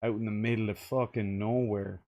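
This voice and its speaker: A man's voice: lowish voice, fairly even intonation, moderate pace, dull audio. A man streaming game development, swearing and muttering in frustration as he follows a tutorial. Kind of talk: casual game dev livestream.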